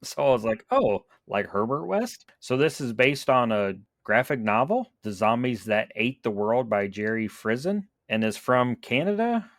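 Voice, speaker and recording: A man's voice: medium pitch, expressive, normal speed, hardly any pauses, dry recording, studio quality. A man co-hosting a casual podcast, laid-back and swearing casually. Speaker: podcast co-host.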